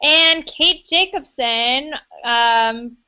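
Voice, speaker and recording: A woman's voice: high-pitched, very slow, sharp tone, clear, resonant tone. A woman fashion publicist joining a podcast as a guest over a video call, giggly and self-deprecating. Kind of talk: casual podcast chat. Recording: dull, noisy video-call audio.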